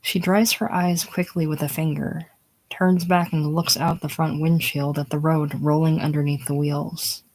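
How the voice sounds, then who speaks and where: A woman's voice: low-pitched, little pitch movement, normal speed, a little mellow, poor audio. A woman casually reading the stage directions of a screenplay aloud. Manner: reads stage directions plainly. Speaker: reader.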